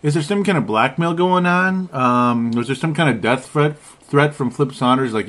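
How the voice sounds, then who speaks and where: A man's voice: fairly high pitch, normal speed, fairly bright tone. A man co-hosting a casual sports podcast, rambling and laughing often between his points. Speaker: podcast co-host.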